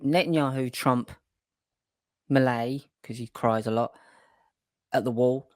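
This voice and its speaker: A man's voice: medium pitch, fairly even intonation, unhurried, dry recording, studio quality. A man co-hosting a podcast in casual, emphatic chat who swears freely. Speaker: podcast co-host.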